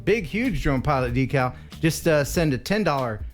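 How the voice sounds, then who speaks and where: An American man hosting a casual live stream, playful and quick to laugh as he reads viewer messages. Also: a little high, animated, soft background music.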